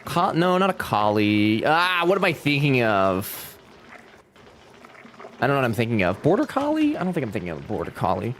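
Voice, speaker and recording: A man's voice: mid-range voice, wildly swooping pitch, moderate pace, fairly bright tone, a little hiss or hum. A young man chatting casually with his live-stream chat while playing a game, joking and talking back to viewers.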